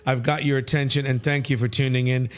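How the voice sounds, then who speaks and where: A man's voice: medium pitch, level tone, fast. A man from India hosting a live talk show, blunt and joking, swearing now and then as he reads out viewer comments. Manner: blunt, brash, swears and jokes while reading comments. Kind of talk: casual live show chat. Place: studio.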